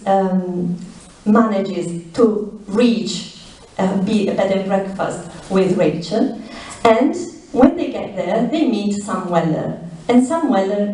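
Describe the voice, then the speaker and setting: Woman telling a story slowly in an echoey hall. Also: mid-range voice. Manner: lively storytelling with emphatic pauses. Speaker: literature scholar. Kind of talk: conference talk. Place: university lecture hall. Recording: echoey lecture hall, mic at a distance.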